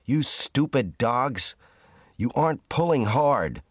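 A man voicing a cruel young male sled driver who shouts harshly at his dogs, in a storybook reading. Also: medium pitch, expressive, slow pace, husky, no echo, studio quality, voice pushed up. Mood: angry shouting.

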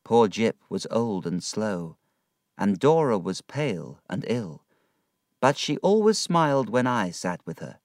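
Slow, expressive male storyteller. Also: lowish voice, no room sound, clean studio sound. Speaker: narrator. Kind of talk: storybook narration.

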